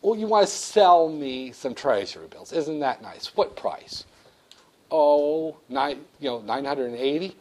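A man's voice: on the high side, expressive, a little slow, darkish tone. A man voicing a rude male banker who haggles sarcastically and curses. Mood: haggling. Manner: brash, sarcastic, cursing.

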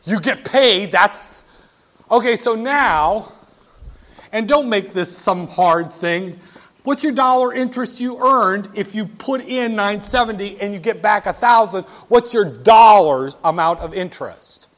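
Man, lecturer, classroom talk, playful, teasing, high-pitched. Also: animated, measured pace, fairly bright tone. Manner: playful, teasing, talks straight to students.

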